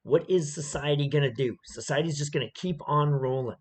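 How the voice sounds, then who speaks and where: A man's voice: a little high, fairly quick, slightly rough. A man giving opinionated commentary on a video clip, emphatic and repetitive, often checking in with "okay?".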